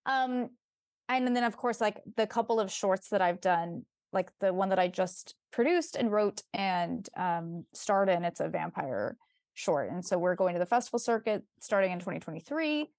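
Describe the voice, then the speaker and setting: Young actress guest, chatty and upbeat with many restarts, dry close-miked sound. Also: female voice, medium pitch, lively intonation, moderate pace, a little mellow, dry recording. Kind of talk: casual interview chat.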